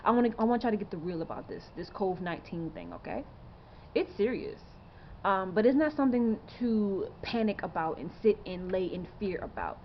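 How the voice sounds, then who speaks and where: A woman's voice: medium pitch, animated, fairly quick, dull audio, a little hiss or hum. A woman in her twenties talking straight to camera in a rambling, earnest way, full of fillers and rhetorical questions. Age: 20s. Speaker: vlogger. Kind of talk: casual to-camera monologue.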